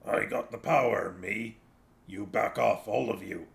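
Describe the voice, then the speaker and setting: Man doing a wheezy little street dog, low gruff voice, slow and gravelly. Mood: threatening. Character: scruffy wheezing small male street dog.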